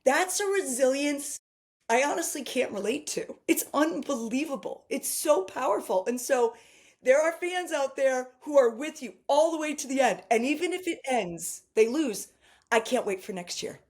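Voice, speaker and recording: A woman's voice: high-pitched, expressive, normal speed. A woman who works as a coach, talking in a casual conversation with enthusiastic, rambling run-on sentences.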